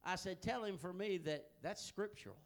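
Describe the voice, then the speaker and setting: An older man preaching a sermon, telling folksy family stories that swing from hushed asides to loud, emphatic peaks. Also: high voice, normal speed. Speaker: pastor.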